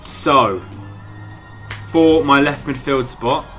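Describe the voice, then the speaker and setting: A man's voice: mid-range voice, extremely slow, fairly bright tone, soft background music. A laid-back man hosting casual gaming commentary. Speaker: gaming YouTuber host.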